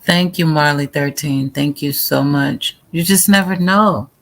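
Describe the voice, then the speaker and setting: A woman's voice: deep voice, unhurried, vocal fry. A woman hosting a casual live stream, chatting directly with her viewers in a chatty way, and at times reading out a prayer. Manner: chatty, talks straight to viewers, reads out a prayer. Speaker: livestream host. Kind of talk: casual livestream chat with viewers.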